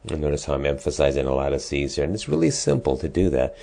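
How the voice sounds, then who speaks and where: A man's voice: extremely low pitch, big pitch swings, quick pace, creaky, warm tone. A man, a music teacher, explaining an assignment in a casual, step-by-step way with frequent ums and restarts. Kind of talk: screen-recorded lesson walkthrough.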